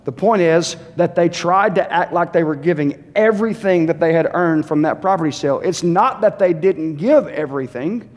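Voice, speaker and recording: A male pastor preaching in a church sanctuary, his slightly high voice carried by a long hall reverb. He talks in an easy, conversational way and keeps turning questions back to the congregation. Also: moderate pace, few pauses. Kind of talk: sermon.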